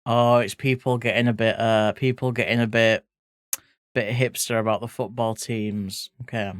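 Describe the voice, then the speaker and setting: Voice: medium pitch, flat delivery, normal speed, dry recording, studio quality. A streamer, chatting casually and playfully with live viewers while drawing, reading chat aloud and swearing now and then. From England (grew up in Leeds). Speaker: art streamer.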